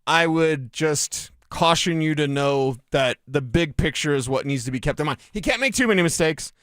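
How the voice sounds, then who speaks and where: A man's voice: on the high side, moderate pace, a bit bright, no echo, studio quality. A man from Colorado co-hosting a sports radio show, talking emphatically and joking. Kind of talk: casual sports talk. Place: radio studio.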